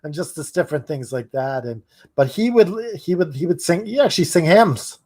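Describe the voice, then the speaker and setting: Chatty man with a higher voice. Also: animated, a little mellow. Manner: chatty, hesitant, quick to laugh. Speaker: podcast co-host. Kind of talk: casual podcast chat.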